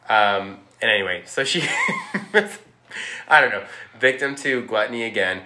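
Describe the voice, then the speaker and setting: A man casually recapping a movie, rambling with lots of "like" and throwing in quick impressions of the characters. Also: medium pitch, huge pitch swings, bright, forceful tone. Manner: rambling, heavy use of "like", acts out quotes. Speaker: podcast guest recapping a film. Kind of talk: casual chat.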